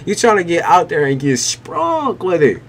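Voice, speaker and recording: A man's voice: a little high, sing-song, moderate pace, a bit bright. A man giving a live-stream tarot reading, blunt and emphatic, with heavy swearing. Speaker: tarot reader.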